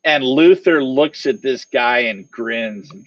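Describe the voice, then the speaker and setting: Brief: male game master, slow and halting, describing scenes, dull dry lo-fi recording. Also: mid-range voice, a bit bright, no echo. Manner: hesitant, many fillers and restarts. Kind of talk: narrating a tabletop game.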